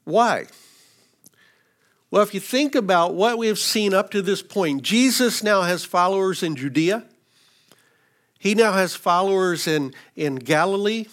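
A man's voice: sits high, lively intonation, measured pace, pauses often, fairly bright tone. A man preaching an expository sermon, teaching through scripture verses with frequent restarts. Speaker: pastor.

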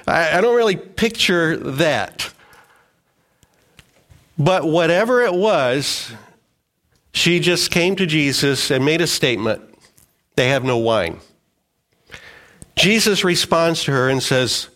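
A man's voice: on the high side, lively intonation, slow, long pauses, fairly bright tone. A middle-aged male pastor preaching a sermon in a conversational way, with joking asides and acted-out quotes.

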